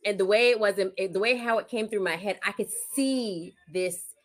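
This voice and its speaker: A woman's voice: mid-range voice, moderate pace. A woman co-hosting a podcast, chatting casually, laughing a lot and acting out quotes. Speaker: podcast co-host. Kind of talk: casual chat.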